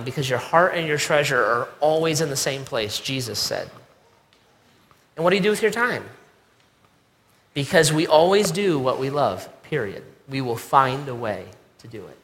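Middle-aged male pastor, bright and slightly high voice, conversational sermon, long hall reverb. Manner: conversational, acts out quoted voices, repeats key lines.

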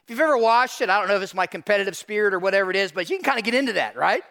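A middle-aged man with a high voice preaches a sermon. He tells stories in an animated way and talks straight to the congregation in front of him. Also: racing. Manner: animated storytelling, addresses audience directly. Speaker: pastor.

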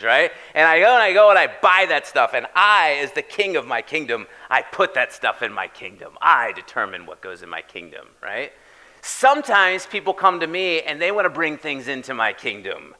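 A man preaching a sermon as pastor, animated and checking in with the congregation with repeated "right?". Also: a little high, normal speed, poor audio. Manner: animated, tags lines with "right?".

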